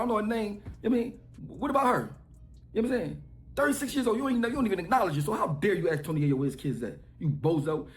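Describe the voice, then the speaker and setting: A middle-aged man launches into a rapid, heated rant, mocking and scolding without letting up. His voice sits high for a man and swings up and down with a lot of energy. It rings out in an echoey room. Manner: mocking, scolding, trash-talking. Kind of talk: heated rant in a played clip.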